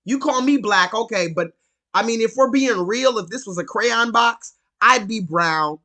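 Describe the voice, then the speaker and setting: A man's voice: high-pitched, a little slow, bright, forceful tone. A man hosting a live call-in stream, ranting and telling a story with emphatic, profane repetition.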